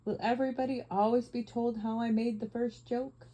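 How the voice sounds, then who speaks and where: A small, cheeky talking jackdaw chirps eagerly, as a woman reads him aloud. The voice is soft and mellow in tone. It belongs to a classic fantasy audiobook. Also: on the high side, flat delivery, normal speed, a little hiss or hum, lightly acted, low-quality recording.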